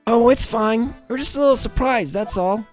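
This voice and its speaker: A man's voice: very high voice, normal speed, faint music behind, pitched above the performer's own voice. A man voicing an eccentric, melodramatic young male foreign student held as a prisoner, speaking in grand theatrical flourishes. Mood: grandiose.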